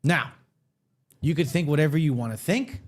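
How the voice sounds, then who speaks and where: A man's voice: a little high, normal speed. A man co-hosting a podcast, telling a story in a casual way and acting out the other people's lines. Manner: animated, acts out quoted voices. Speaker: podcast co-host.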